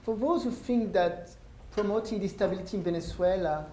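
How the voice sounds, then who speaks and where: French-accented man, hoarse, in an echoey hall. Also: high voice, mellow. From France. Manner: halting, repeats words, many ums. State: losing his voice. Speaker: visiting ambassador speaking to an audience. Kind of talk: public talk with Q and A. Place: lecture room at a university. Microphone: no microphone, room recording. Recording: echoey room with faint noise.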